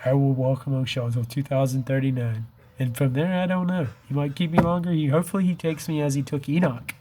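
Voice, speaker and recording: Over background noise, a medium-pitched man in his fifties speaks quickly with fairly even intonation in a direct-to-camera vlog. He's urgently pleading with viewers, emotional and near tears with a wavering voice, and keeps saying "dude" and "man."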